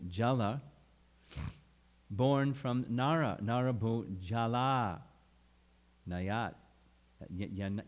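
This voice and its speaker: A man giving a scripture lecture at a retreat, explaining slowly and deliberately, with restarts. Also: medium pitch. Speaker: spiritual teacher.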